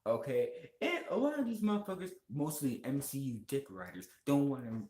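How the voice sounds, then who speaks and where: A vlogger giving a heated, profane movie rant and talking straight to viewers, voice jumping higher when worked up. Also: sing-song, brisk, a little mellow, echoey room. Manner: heated, swearing, pitch jumps up when worked up; talks to viewers and chat directly. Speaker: video blogger.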